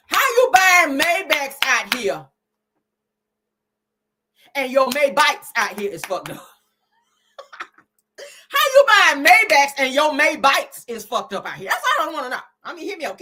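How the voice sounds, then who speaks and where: A woman's voice: high voice, very animated, normal speed, long pauses, pushed and bright. A woman hosting a casual gossip commentary live stream, brash and profane, laughing often and calling her viewers "girl.". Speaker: host.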